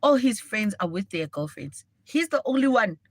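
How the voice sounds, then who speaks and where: A chatty woman hosts a live stream and tells a dramatic story, talking straight to her viewers. Her voice sits at a middle pitch. The sound is close and dry, with no room echo. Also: very animated, moderate pace, breathy edge. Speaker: livestream host. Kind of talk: casual storytime.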